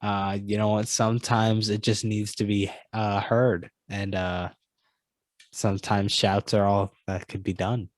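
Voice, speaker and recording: A man's voice: lowish voice, flat delivery, measured pace, no room sound. A man co-hosting a casual movie podcast, teasing his partner with mock-hype banter. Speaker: podcast co-host. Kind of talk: casual chat.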